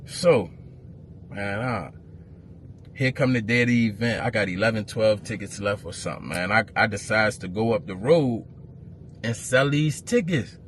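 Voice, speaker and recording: A man, an event promoter telling a story to camera as a profane, heated rant that grows louder. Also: fairly low pitch, expressive, normal speed, slight background noise.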